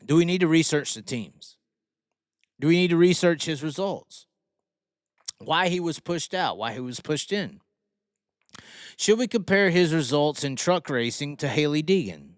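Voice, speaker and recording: A man's voice: on the high side, lively intonation, a little slow, pauses often, dry recording, studio quality. Heated, swearing male racing host. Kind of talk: profane opinion rant on livestream.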